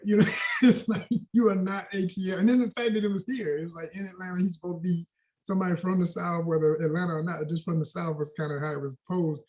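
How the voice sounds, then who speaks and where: Animated, slangy man telling stories. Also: sits high, fast. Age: 40s. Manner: animated storyteller, slangy and expressive. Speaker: guest actor. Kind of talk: casual interview chat.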